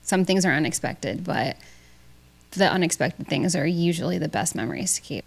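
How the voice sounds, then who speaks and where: Chatty young woman podcaster, slightly low voice. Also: lively intonation, normal speed, creaky, breathy edge. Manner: chatty, candid, swears freely. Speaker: podcast host. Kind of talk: casual storytelling monologue. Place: small home studio.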